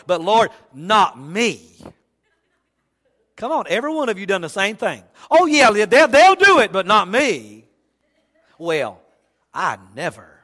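Preacher guy, high bright voice, acts out the story, big echoey church. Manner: animated storytelling, acting out voices, folksy humor. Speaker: pastor. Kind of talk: sermon. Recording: long hall reverb.

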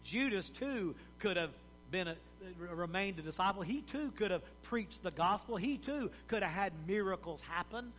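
A high-voiced pastor preaches in a folksy, animated style at normal speed, slipping into the voices of the characters in his story. A big church hall gives his words a long reverb, and a faint hum runs underneath.

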